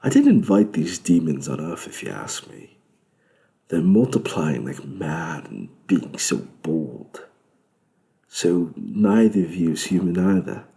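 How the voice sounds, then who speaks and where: A man's voice: low-pitched, very animated, slow, creaky, warm tone, full character voice. A man doing a smug British-accented devil. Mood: irritated. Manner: smug, amused, lecturing. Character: suave, sardonic male devil who owns a club.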